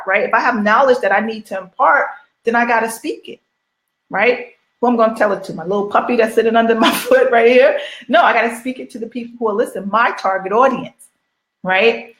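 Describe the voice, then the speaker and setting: A woman's voice: a little high, fairly quick, a bit bright, roomy sound. A middle-aged woman coaching online business, talking casually and repeating rhetorical questions to her viewers. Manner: repetitive, rhetorical questions, chatty. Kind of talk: casual motivational livestream talk.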